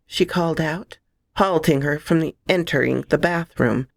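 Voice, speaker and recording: A woman reading a horror story aloud, expressive and dramatic, close to the microphone. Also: sits low, normal speed, dry recording.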